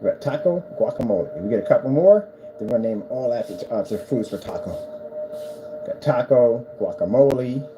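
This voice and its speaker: A man's voice: medium pitch, animated, brisk, muffled recording. A man who runs a small screen business, chatting casually in his workshop, preaching about faith and then cooing playfully at his cat. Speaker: projector screen business owner. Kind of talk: casual vlog chat. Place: indoor workshop with boxes and desk. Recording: noisy room background.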